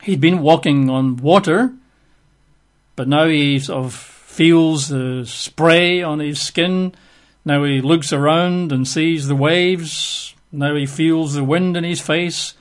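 A man delivering a sermon with a somewhat raised pitch, reading verses and then chatting about them. He drops in dry, joking asides and small laughs. His tone stays easygoing and conversational. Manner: conversational, wry asides and chuckles while reading scripture. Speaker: preacher.

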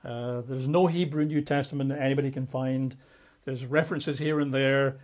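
A man teaching about Bible manuscripts in a casual way, with dry, wry humor and slow pauses. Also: medium pitch, steady tone, darkish tone.

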